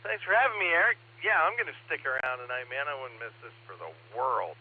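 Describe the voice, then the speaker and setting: A man's voice: mid-range voice, expressive, quick pace, phone-quality sound. A man checking in on an amateur radio net in a casual, upbeat way. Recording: radio link with faint hum.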